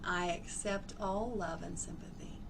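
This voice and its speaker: A woman leading a live energy-healing demonstration, theatrical and expressive, often breaking into laughter. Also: lowish voice, measured pace, vocal fry, noisy background. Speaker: energy healer.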